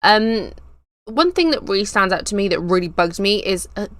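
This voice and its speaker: A woman in her thirties hosting a casual live stream, chatty, excitable and a little nervous, drifting onto tangents. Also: medium pitch, moderate pace, no room sound, studio quality. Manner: nervous, giggly.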